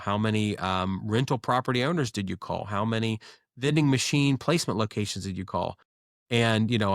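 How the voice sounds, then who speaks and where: A man, a guest business owner, telling stories in a casual interview with quick, animated delivery and frequent restarts. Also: on the low side, no echo, clean studio sound.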